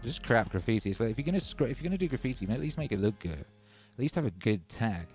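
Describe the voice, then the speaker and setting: Male streamer, casual rambling chat with a sardonic edge, mid-pitched, faint music under him. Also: very animated, quick pace, darkish tone. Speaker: livestream host. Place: home studio.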